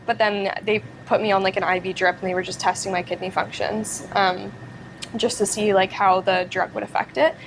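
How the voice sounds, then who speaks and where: A woman's voice: medium pitch, flat delivery, fairly quick, creaky, slight background noise, rough recording. A teenage girl, speaking as an interview guest in a casual, chatty way with many fillers and light laughs. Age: teens.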